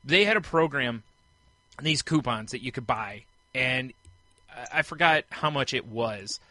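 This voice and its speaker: A man co-hosting a casual podcast, telling animated stories and acting out the voices of the people he quotes. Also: medium pitch, measured pace, no room sound. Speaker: podcast co-host. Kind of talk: casual chat.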